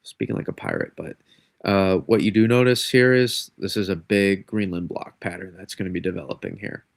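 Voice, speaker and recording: Stuffed up and feeling sick, a man rambles through a livestreamed weather forecast, casually correcting himself and starting lines over. He has a deep voice with vocal fry, moderate pace, and clean studio audio without room sound.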